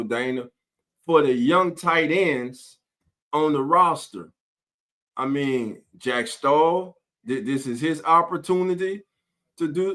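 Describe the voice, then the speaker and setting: A man's voice: high-pitched, pushed and bright. A man hosting a casual live-stream sports talk show, greeting viewers in chat by name.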